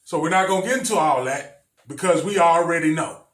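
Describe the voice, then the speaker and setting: A male preacher with a high voice teaches a sermon. He speaks emphatically and repeats his phrases for the listeners. The sound is echoey and picked up from some distance away. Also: a little fast, a bit bright. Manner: emphatic, repetitive, addresses the congregation directly. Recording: echoey room, mic at a distance.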